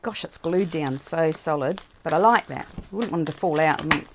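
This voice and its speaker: Female author hosting an unboxing vlog, gushing and chatty, slightly low voice. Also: normal speed, heavy background noise. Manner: gushing and excited; warm and chatty, talking to viewers. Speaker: children's book author.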